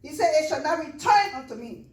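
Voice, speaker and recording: A woman's voice: sits high, expressive, fairly quick, roomy sound, distant mic, poor audio. A woman preaching a sermon to a church, building to fervent, repetitive calls to the congregation.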